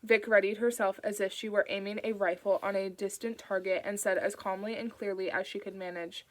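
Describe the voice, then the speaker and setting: A woman narrating an audiobook. Her reading is steady and measured, and she carries the story along evenly. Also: mid-range voice, rough recording.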